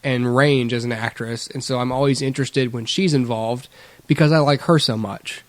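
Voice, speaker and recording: A man co-hosting a podcast in casual chat, rambling and animated, given to mimicking actors. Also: mid-range voice, moderate pace, dry recording. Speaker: podcast co-host.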